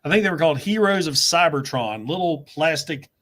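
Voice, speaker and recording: Chatty Southern man, slightly high voice. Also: animated, fairly bright tone. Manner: chatty, laughs often, quick storytelling. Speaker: host. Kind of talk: casual livestream chat.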